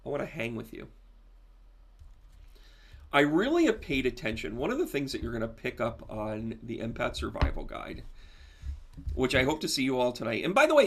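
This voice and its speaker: A man giving a live tarot reading, talking with viewers in a chatty, animated, joking way. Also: medium pitch. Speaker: psychic medium and tarot reader.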